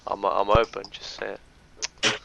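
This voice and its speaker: With a gravelly, fairly low, monotone voice and an unhurried delivery, an Australian esports commentator jokes and chats his way through a live-streamed game match, handing out shoutouts. Sound quality is dull lo-fi stream audio with faint background noise.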